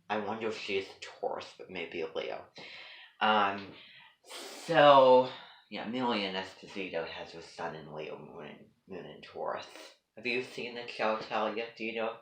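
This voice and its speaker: A man's voice: fairly low pitch, unhurried, a bit bright, reverberant, rough recording. A man vlogging to camera in a rambling, hesitant way, full of ums and false starts, as if chatting with his viewers. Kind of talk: rambling one-sided chat to camera.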